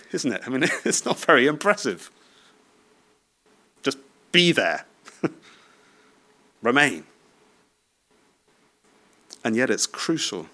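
A man in his thirties preaches in an easygoing, conversational way, often turning to the listeners with short tag questions. His voice sits at a middle pitch, and he laughs lightly from time to time. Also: sharp tone. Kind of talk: sermon.

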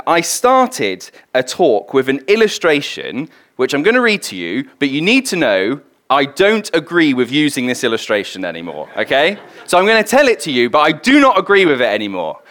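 A man's voice: medium pitch, a bit bright. A man preaching a sermon to a congregation in a candid, conversational way with plenty of fillers and restarts. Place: room with a congregation.

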